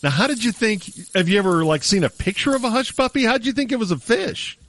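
A man's voice: high voice, lively intonation, quick pace, a bit bright. A man hosting morning radio, joking around and laughing often. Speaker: radio host.

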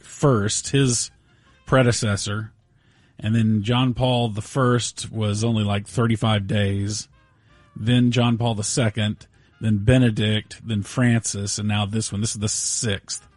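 A man co-hosting a radio talk show, wisecracking with quick one-liners. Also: lowish voice, fairly even intonation, no echo, faint music behind. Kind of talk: casual banter.

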